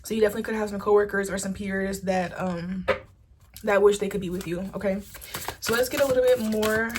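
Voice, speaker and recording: A woman giving a casual pick-a-card tarot reading, chatty and animated, swearing freely. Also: mid-range voice, fairly quick, noisy background. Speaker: tarot reader.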